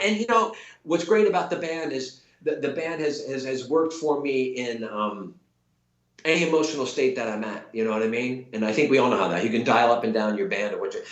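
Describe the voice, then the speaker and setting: Middle-aged male actor guest, animated storyteller, mid pitch, echoey room. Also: muffled recording. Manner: animated, many restarts and quoted voices. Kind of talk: casual storytelling. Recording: roomy echo.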